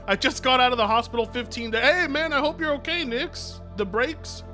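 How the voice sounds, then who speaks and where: A man chatting casually on a live stream, excitable, joking and swearing. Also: extremely high pitch, fairly quick, soft background music.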